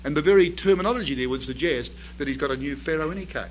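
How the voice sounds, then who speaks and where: A man's voice: fairly high pitch, racing, slight background noise, poor audio. A man preaching a sermon to a congregation. He tells the story vividly, asks rhetorical questions and builds to emphatic bursts.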